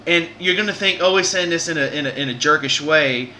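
A man's voice: fairly high pitch, fairly quick, bright, forceful tone, a little hiss or hum. A man hosts a podcast. He tells a long personal story in a casual, earnest way and often restarts his sentences. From Southern United States. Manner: earnest, rambling, many restarts. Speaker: podcast host.

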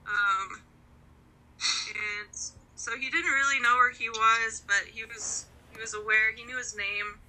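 A woman's voice: mid-range voice, bright, forceful tone, poor audio. A young woman, an EMT student, telling a story casually with many hesitant fillers. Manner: hesitant, many ums and likes.

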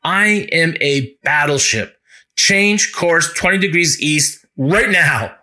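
A man voicing a stern male warship captain who gives commands slowly and with emphasis in a sermon story. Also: fairly high pitch, pushed and bright. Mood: commanding.

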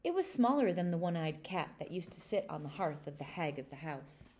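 A woman reading a fairy tale aloud to children in an expressive storytelling manner. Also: lowish voice, a little fast, slight background noise.

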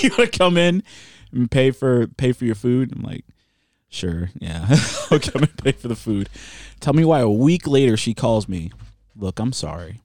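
A young man tells a rude story on a casual podcast and keeps breaking into laughter. His pitch swings all over the place, and the sound is dry and close. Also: dry recording. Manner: profane, laughing, animated storyteller. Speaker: podcast co-host.

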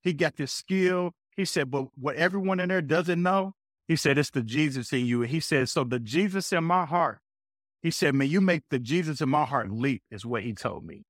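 Energetic man telling a faith story. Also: a little high, normal speed, dry recording, studio quality. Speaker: podcast guest. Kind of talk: casual faith talk.

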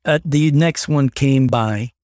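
A man's voice: mid-range voice, slow pace, a little mellow, no room sound, studio quality. A man co-hosting a podcast, telling a story in casual chat with many restarts and some swearing. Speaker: podcast co-host.

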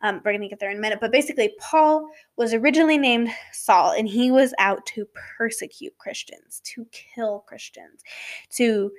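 A woman hosting a casual faith talk, rambling with asides and self-corrections, sometimes dropping to a soft whisper. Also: a little high, moderate pace. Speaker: podcast host.

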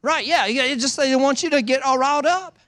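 A man's voice: very high voice, brisk, dry recording, clean studio sound. A man preaching a sermon in a church, telling stories with playful teasing. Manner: animated storytelling with playful teasing. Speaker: pastor.

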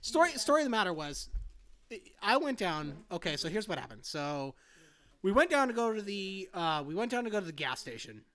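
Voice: medium pitch, big pitch swings, a little fast, a bit bright. A podcast host telling a rambling story in casual chat, laughing, swearing and restarting often.

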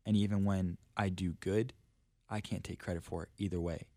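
Low-voiced young man, earnest storyteller. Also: steady tone, moderate pace, a little mellow, no room sound. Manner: earnest storytelling, heavy use of "like" and "literally". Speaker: guest, traveling preacher. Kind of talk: casual faith podcast conversation.

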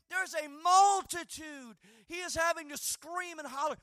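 A man preaching a sermon with fervor, swinging between shouting and hushed tones. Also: extremely high pitch, normal speed, hardly any pauses, no echo, studio quality.

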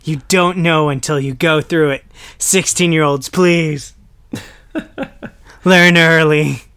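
A young man from the United States talks in a loose, animated way and keeps slipping into playful put-on voices. His voice sits a little high for a man. The sound is dry and close, with no room around it. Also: slow, smooth, no echo. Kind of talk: casual chat.

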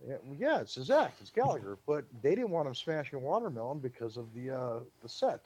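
A man, a publicist, telling show-business stories in a lively, casual way on a podcast and acting out what people said. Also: medium pitch, fairly quick, husky. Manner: lively anecdote-teller, acts out quotes.

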